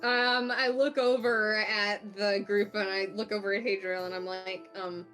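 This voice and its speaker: A woman's voice: mid-range voice, flat delivery, normal speed, a bit bright, faint music behind, low-quality recording. Give me a giggly woman describing her character's actions at the table. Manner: giggly, playful. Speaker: player. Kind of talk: casual tabletop play.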